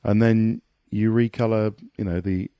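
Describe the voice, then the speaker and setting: A man with a lowish voice chats as a guest pundit on a podcast. He's animated and rambling, often restarting mid-sentence. The sound is dry and close. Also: unhurried, clear, resonant tone, no echo, highs cut off. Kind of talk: casual podcast conversation.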